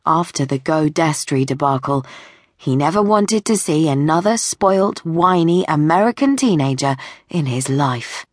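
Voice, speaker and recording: Low, dry-voiced woman audiobook narrator. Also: animated, no room sound. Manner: measured, wry storytelling.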